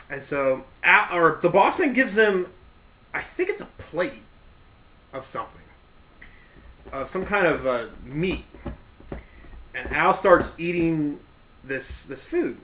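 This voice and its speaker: A man's voice: a little high, a little hiss or hum. A man telling a wrestling story in a casual monologue, acting out the quotes with mocking voices. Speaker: wrestling commentary host. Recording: dull lo-fi audio.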